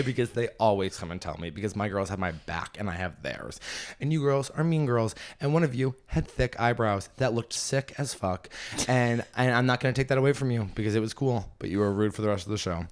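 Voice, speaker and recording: A young man hosting a comedy podcast, telling a story in animated, gossipy casual chat, often breaking into loud laughs. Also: lowish voice, a little fast. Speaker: podcast host and stand-up comedian.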